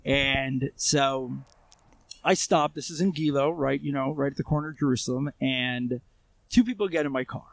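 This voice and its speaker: A man with a gravelly, creaky voice tells his story as an interview guest. His talk is loose and conversational, full of fillers and restarts, and he sounds close and dry. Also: mid-range voice, moderate pace, no echo. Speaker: guest, armed civilian responder. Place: Israel.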